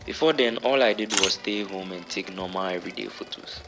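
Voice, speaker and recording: Low-pitched male narrator, earnest motivational voice-over, music underneath. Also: fairly quick. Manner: earnest, preaching tone. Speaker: vlogger.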